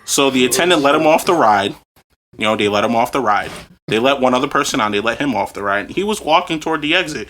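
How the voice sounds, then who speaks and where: A man's voice: medium pitch, lively intonation, fast talker, fairly bright tone, slight background noise. A man co-hosting a podcast, telling a story in a casual, comedic way, laughing through it and swearing freely. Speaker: podcast co-host.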